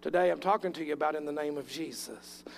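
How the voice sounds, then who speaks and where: Man, preacher, high voice, impassioned sermon delivery. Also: fast talker, vocal fry, a little hiss or hum. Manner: impassioned, acts out bible voices.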